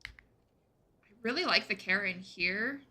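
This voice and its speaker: A woman's voice: medium pitch, lively intonation, slow pace, pushed and bright. A woman streaming a game, chatting casually and answering her chat as she plays. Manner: chatty, reads and answers chat while playing. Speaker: gaming streamer.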